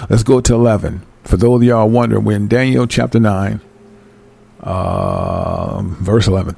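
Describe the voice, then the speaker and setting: Gravelly man preaching through scripture. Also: on the low side, mellow. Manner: reads verses slowly, then explains in loose street talk. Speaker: scripture teacher. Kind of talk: verse-by-verse bible study.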